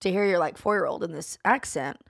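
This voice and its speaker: A woman co-hosting a podcast in casual chat, telling stories with animated flair. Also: lowish voice, a little fast, creaky, dry recording, clean studio sound. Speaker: podcast co-host.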